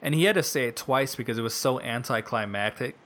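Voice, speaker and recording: A man in casual talk, animated and breaking into quick mimicry of others as he tells a story. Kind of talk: casual wrestling chat. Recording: faint rumbling background noise.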